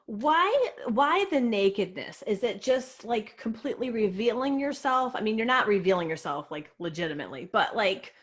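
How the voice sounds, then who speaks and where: A woman hosting a podcast, asking questions quickly and encouraging her guest. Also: on the high side, big pitch swings. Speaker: podcast host. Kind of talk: casual interview chat.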